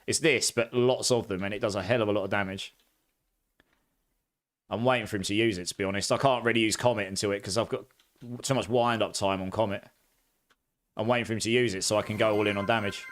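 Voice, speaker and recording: A man from near London with an Essex accent touched with posh, chatting through live gameplay and quick to laugh. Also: fairly low pitch, fairly even intonation. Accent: Essex mixed with a bit of posh English. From near London, England. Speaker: streamer.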